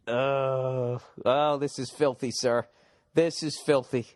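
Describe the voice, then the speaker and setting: A man hosting a comedy podcast, telling stories and reading listener mail in a blunt, profane, mocking way. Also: fairly high pitch. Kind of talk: casual podcast rant.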